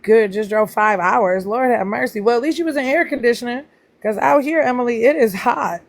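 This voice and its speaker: A woman chatting casually with viewers on her livestream, greeting them by name and teasing them playfully. Her voice jumps up high whenever she welcomes someone. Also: brisk, creaky. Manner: pitch jumps up high when greeting people. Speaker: livestream host.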